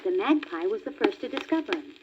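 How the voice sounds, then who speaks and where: A woman reading a children's storybook aloud as the narrator of a read-along record, in a clear, animated manner. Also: mid-range voice, fast talker. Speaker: story reader. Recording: dull crackly old vinyl record.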